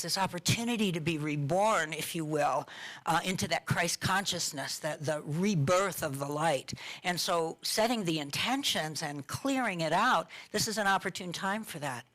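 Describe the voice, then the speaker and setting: A woman's voice: on the low side, fairly bright tone. A middle-aged woman minister giving a conversational sermon, asking her listeners questions and laughing lightly now and then. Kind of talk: informal sermon talk.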